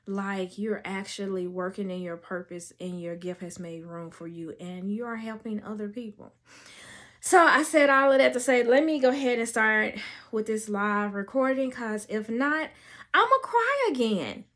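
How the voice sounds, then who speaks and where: A woman's voice: medium pitch, fairly even intonation, a bit bright. A woman podcast host in casual storytelling chat, talking emotionally about her life before telling a nanny story. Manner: emotional, slow and drawn out.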